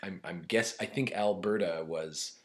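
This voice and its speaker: A man's voice: low voice, a little slow. A man co-hosting a comedy podcast, playful and rambling, musing about trivia in casual banter. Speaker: podcast co-host.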